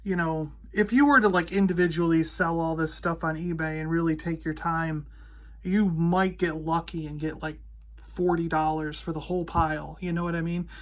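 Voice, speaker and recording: A man hosting his own vlog, casually retelling a story in an animated way, acting out the voices of the people he quotes. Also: fairly high pitch, moderate pace. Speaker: host. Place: indoors toy room.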